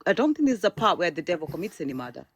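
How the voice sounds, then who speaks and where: A woman's voice: fairly low pitch, very animated, husky. Agreeable woman chiming in on a podcast. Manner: agreeable, quick interjections. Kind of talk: casual chat.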